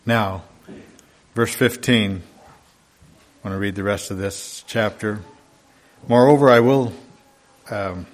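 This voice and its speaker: A man preaching a sermon. He reads scripture aloud in old-fashioned wording and explains it in a plain, unhurried way, pausing often with fillers. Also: lowish voice, fairly even intonation. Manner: reads scripture loudly, then explains softly with many fillers.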